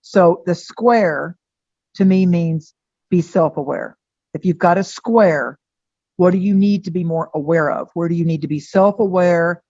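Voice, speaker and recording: A woman astrologer, a guest on a podcast, talking in a chatty way and acting out bits of dialogue in lively voices. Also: on the low side, measured pace, no echo, highs cut off. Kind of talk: podcast interview.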